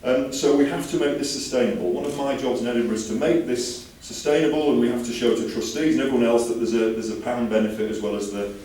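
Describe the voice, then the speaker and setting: A man from the UK speaks to a conference audience with chatty enthusiasm and jokey asides. His voice is mellow and warm. He is picked up from some distance in a very echoey hall with a faint hum of ambience. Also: medium pitch, fast talker, few pauses. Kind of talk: conference talk.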